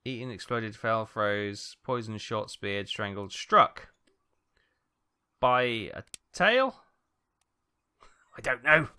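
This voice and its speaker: A man's voice: fairly low pitch, lively intonation, slow pace, long pauses, sharp tone, smooth. Welsh man thinking aloud while gaming. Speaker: game streamer. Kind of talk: rambling let's play commentary. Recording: voice over game music. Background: game music.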